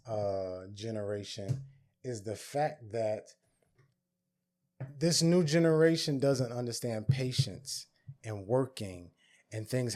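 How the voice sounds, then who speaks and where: A man hosting a podcast, telling a personal story in an earnest, reflective way and acting out both sides of a conversation. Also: lowish voice. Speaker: podcast host.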